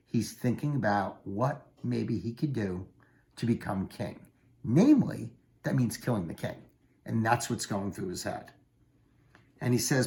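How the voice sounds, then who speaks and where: A male teacher reading lines from a play aloud with slow, expressive delivery, then explaining them in casual modern slang. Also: medium pitch. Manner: reads verse slowly and expressively, then paraphrases in casual slang.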